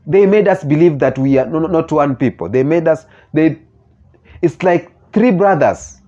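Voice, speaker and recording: A man with a Kenyan accent hosting his own channel, talking earnestly in halting phrases and often restarting mid-sentence as he reacts to comments. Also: a little high, animated, dark tone. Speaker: channel host. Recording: slightly muffled lo-fi recording.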